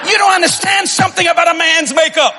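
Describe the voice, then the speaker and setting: A man preaching a humorous sermon to a congregation, telling comic stories, laughing and often shouting. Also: extremely high pitch, fast talker, creaky, long reverb tail, over a noisy crowd. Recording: live audience laughter and room noise.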